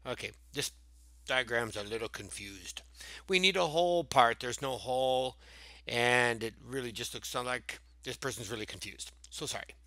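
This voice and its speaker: Playful bright-voiced male teacher. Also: medium pitch, moderate pace, dry recording. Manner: playful, jokey, talks to the answer choices. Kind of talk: casual math lesson walkthrough.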